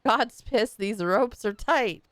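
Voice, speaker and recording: A woman reading lines as a hapless male rogue underling in a game, in rough slang. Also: a little high, extremely slow, no echo. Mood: grumbling.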